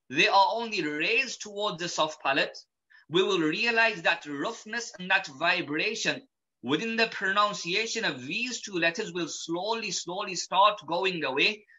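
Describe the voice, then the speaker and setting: A man teaching pronunciation in a slow, methodical lesson, patiently repeating each point. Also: high voice, pushed and bright, dull audio. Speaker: Quran recitation teacher.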